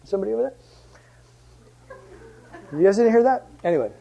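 A man preaching to a youth group in a relaxed, conversational way, with jokes along the way. At times his voice climbs and pushes hard as he presses the point home. He sounds like a youth pastor talking with the kids. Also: sits high, fairly quick, gravelly, lo-fi sound. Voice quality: conversational, joking, building to emphatic passion. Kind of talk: casual evening sermon to young people.

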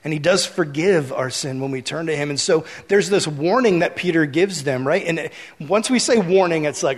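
A man's voice: a little high, expressive, moderate pace. Conversational male preacher in reverb. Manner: conversational preaching, drops to soft earnest tones. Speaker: pastor. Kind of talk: sermon.

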